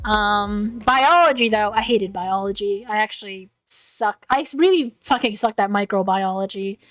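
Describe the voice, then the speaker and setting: A woman's voice: medium pitch, normal speed, a bit bright, dry recording. A young woman streaming casual chat, stumbling over and repeating her words and laughing often. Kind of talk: casual chat, reading out chat messages.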